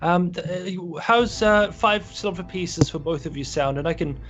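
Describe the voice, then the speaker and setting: A man's voice: high-pitched, moderate pace, fairly bright tone, pitched above the performer's own voice. A man voicing a flustered, eager female tavern barkeeper who stammers politely.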